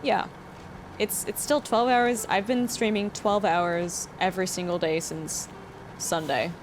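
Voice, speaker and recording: A young woman chats on a live stream, gushing and emotional, laughing between near-tears as she thanks her viewers. Her voice sits at a middle pitch. Faint engine sounds from a game hum behind her. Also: steady tone, unhurried. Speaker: livestreamer. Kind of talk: casual livestream chat reading to viewers.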